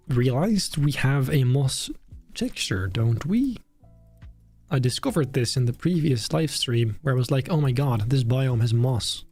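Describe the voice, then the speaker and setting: A young man with a British accent chats casually on a live stream, thinking out loud as he works. His tone is self-mocking and talkative, his pitch sits in the middle, and soft music plays faintly under his voice. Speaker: streamer building a theme park. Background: faint background music.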